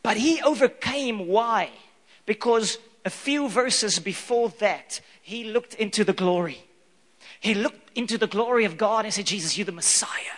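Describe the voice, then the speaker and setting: A male pastor preaching a sermon in an animated, playful way, acting out scenes from scripture, in an echoey hall. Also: high-pitched, measured pace.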